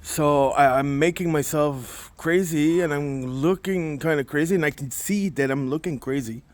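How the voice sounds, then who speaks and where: A spirit communication vlogger tells a rambling, emotional story in a casual monologue, often repeating himself. His voice is on the high side, at normal speed.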